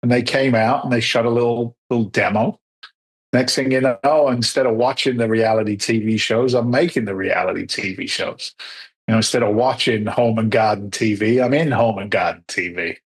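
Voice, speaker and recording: A middle-aged man telling stories as a podcast guest, acting out the dialogue lively as he talks. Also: medium pitch, moderate pace, slightly rough. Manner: animated storyteller who acts out quoted dialogue. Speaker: podcast guest, real estate investor. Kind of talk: storytelling interview answers.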